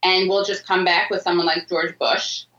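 A woman with a lowish voice hosts a casual podcast chat, her remarks dry and sarcastic. Her voice rings in a roomy space. The sound is a bit dull and muffled. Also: flat delivery, normal speed, pushed and bright. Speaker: podcast host.

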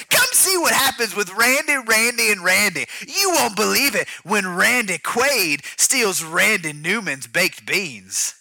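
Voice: medium pitch, animated, measured pace, creaky, hardly any pauses, pushed and bright, no echo. A comic voice-over doing a parody TV promo in a punchy, sing-song announcer voice. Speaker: mock announcer.

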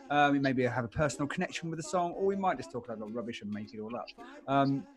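A man's voice: medium pitch, animated, fast talker. Chatty man hosting a podcast. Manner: chatty, wry, self-deprecating. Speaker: podcast host. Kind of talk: casual chat.

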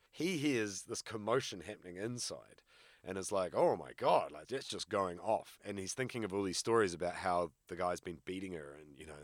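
A man chatting casually on a podcast, telling stories and jumping into high-pitched voices for the people he quotes. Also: no echo, studio quality. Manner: animated storyteller, jumps into high quoted voices. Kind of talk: casual chat, storytelling.

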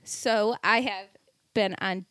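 A woman's voice: medium pitch, fairly even intonation, takes it slowly, fairly bright tone, no room sound, clean studio sound. A woman chatting as a podcast guest, making self-mocking jokes and laughing often in casual, crude banter.

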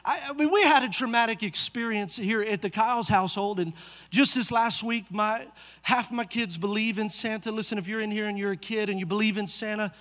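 High-voiced preaching man in a reverberant hall. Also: a little fast. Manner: animated storytelling with rhetorical questions to the congregation. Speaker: pastor. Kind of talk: sermon.

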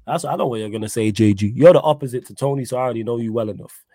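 Guy hosting a live chat, quick energetic patter, dry close sound. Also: mid-range voice, no room sound. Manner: energetic, slangy, shouting out viewers. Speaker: live stream host. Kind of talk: casual live stream chat.

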